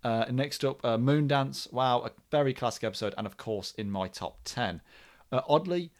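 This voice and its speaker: An Australian man co-hosting a podcast, reading listener mail in a relaxed, easygoing way. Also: medium pitch, normal speed. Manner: relaxed, easygoing, says "mate". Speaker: podcast co-host.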